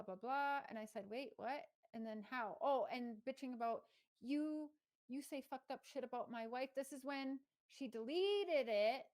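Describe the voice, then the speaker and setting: A woman's voice: high-pitched, a little mellow, poor audio. Indignant woman reading texts aloud. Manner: indignant, swearing, reads messages aloud. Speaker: true crime commentator.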